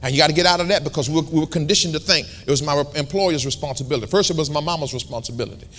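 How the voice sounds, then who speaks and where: A pastor preaching in a church, repeating key words and calling for congregation responses in a colloquial, emphatic manner. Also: male voice, on the high side, racing, fairly bright tone, a little hiss or hum. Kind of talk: sermon with call and response. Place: church sanctuary.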